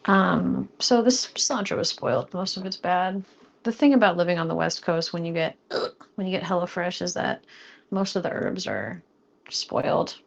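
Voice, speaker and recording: Her voice is on the low side, animated and creaky: a young woman chatting playfully with viewers as she cooks on a live stream. She's close to a studio mic, cracks jokes with chat, and rushes a little when flustered.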